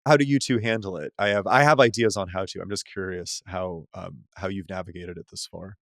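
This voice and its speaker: A man, a psychotherapist, talking loosely in a podcast conversation, full of "like" and restarts and quick to laugh. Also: low voice, fairly even intonation, no echo, clean studio sound. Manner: loose and rambling, heavy use of "like" and restarts, laughs easily. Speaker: psychotherapist guest.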